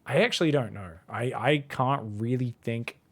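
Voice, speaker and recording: A man's voice: mid-range voice, normal speed, fairly bright tone. A man, casually commentating a strategy game and chatting with viewers in a rambling, laid-back way. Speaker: StarCraft coach and streamer.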